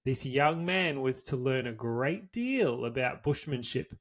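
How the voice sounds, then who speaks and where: A man's voice: mid-range voice, animated, unhurried, fairly bright tone. Man reading a history tale. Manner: casual, swears freely, reads from notes. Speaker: podcast co-host. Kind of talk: reading a history story aloud, then casual chat.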